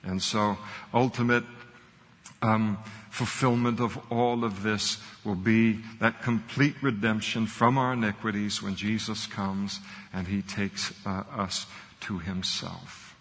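A man pastor delivers a sermon in a fairly low voice, earnest and given to emphatic repetition. His words ring out with the long reverb of a church sanctuary. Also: steady tone, slow pace, a bit bright.

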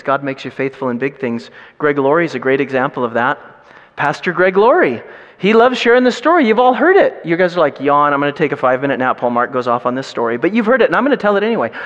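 Animated male preacher in a reverberant hall. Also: dull audio. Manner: animated storytelling with big pitch swings. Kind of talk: sermon.

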